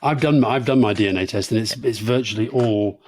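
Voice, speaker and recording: Older scottish guy on a podcast, mellow tone, dry close sound, lots of ums. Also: lowish voice, no echo. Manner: brisk, fills pauses with um and uh. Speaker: podcast co-host. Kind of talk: casual conversation.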